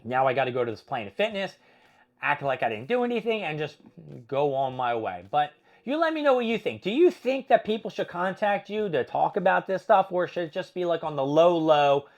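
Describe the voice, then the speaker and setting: A man's voice: fairly high pitch, very animated, a little fast, highs cut off. A young man hosting his own vlog, ranting in a profane, exasperated, casual monologue. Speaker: vlog host.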